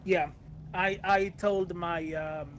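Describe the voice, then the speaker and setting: A woman playing along with a streamer, chatting casually in a soft, hesitant way with many pauses. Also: on the low side, fairly even intonation, slight background noise. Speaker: co-player. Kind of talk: casual chat while gaming.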